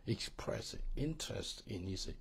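A man's voice: on the low side, animated, unhurried, gravelly, slightly rough. A middle-aged man with a Korean accent, a pastor teaching a marriage course in sermon style, emphatic and repetitive, often checking that listeners understand.

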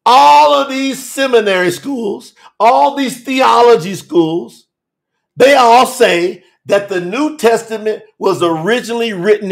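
With a high, gravelly voice, a man preaches emphatically to a telethon audience in his role as a scripture teacher. He gets fiery, shouting now and then and repeating his phrases.

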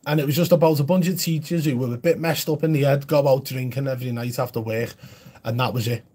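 A man's voice: mid-range voice, steady tone, quick pace, warm tone, slightly rough. A man chatting casually on a live stream, answering viewer comments in a blunt, chatty way.

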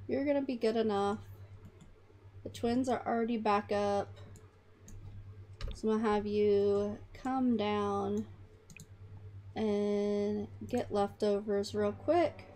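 A woman's voice: mid-range voice, mellow, a little hiss or hum. A woman hosting a gaming channel, chatting casually to her characters as she plays. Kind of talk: casual life-sim gameplay commentary.

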